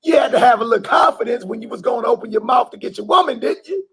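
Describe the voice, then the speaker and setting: Man preacher, very high voice, gravelly and husky, loud emphatic bursts, informal sermon. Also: fast. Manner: loud emphatic bursts, colloquial, laughs often. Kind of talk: informal sermon to a live group.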